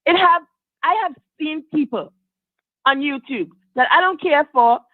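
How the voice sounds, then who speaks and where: Her high voice unhurried, a caller from Trinidad voices her views emphatically on a live talk show. The audio comes over a tinny, dry phone line with no echo.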